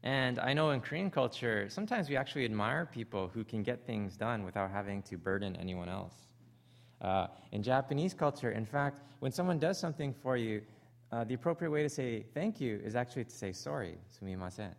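A man with a Canadian accent preaching a sermon, animated, acting out the voices he quotes. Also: medium pitch, a little fast, creaky. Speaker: pastor.

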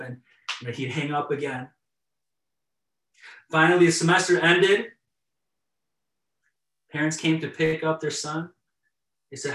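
A man's voice: a little high, normal speed, long pauses, roomy sound, recorded from a distance, rough recording. A male pastor giving a sermon, telling a story in a conversational, chuckling way with frequent restarts. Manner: conversational, warm storytelling with chuckles and repeated starts.

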